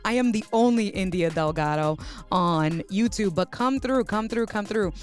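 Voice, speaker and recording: A woman hosts a live stream and chats with her viewers in a lively, easygoing way, calling them y'all. Her voice sits at a middle pitch for a woman. Faint music plays underneath. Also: moderate pace. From New York. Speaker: host. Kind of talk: casual live stream chat.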